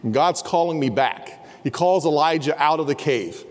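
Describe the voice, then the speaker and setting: A pastor preaching an earnest sermon, sometimes dropping to a soft, low voice. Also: male voice, expressive, normal speed. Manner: earnest, drops to a soft low voice for quiet passages. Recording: long hall reverb. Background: students in a campus service.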